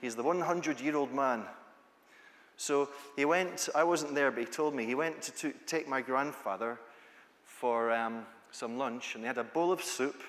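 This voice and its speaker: A man's voice: mid-range voice, moderate pace, a bit bright. Scottish man telling stories in a hall. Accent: Scottish, east coast. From Scotland. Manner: playful, chatty, asks the audience questions. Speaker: conference speaker, teacher trainer. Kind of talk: storytelling talk to an audience. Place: large conference hall. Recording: long hall reverb.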